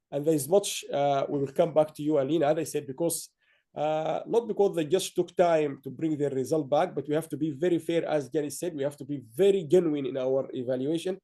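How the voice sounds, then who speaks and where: A man with a high-pitched yet mellow voice hosts an online awards ceremony. He rambles warmly through his remarks, full of fillers and restarts.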